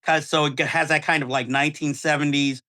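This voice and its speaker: A man's voice: a little high, flat delivery, quick pace, bright, forceful tone. A man hosting a podcast, chatting about films and acting out his own reactions. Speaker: podcast host. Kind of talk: casual film chat.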